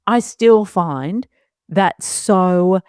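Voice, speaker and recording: A woman in her thirties with a low voice tells a story in a casual, animated monologue and laughs often as she acts out what she was thinking. The sound is dry and close, with no room around her. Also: extremely slow, smooth, dry recording. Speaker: podcast host and mother.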